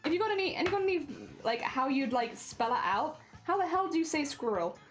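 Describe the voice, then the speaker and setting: Giggly high-voiced woman streamer. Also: expressive, brisk, soft background music. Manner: chatty, giggly, reads and answers chat. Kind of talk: casual live-stream chat.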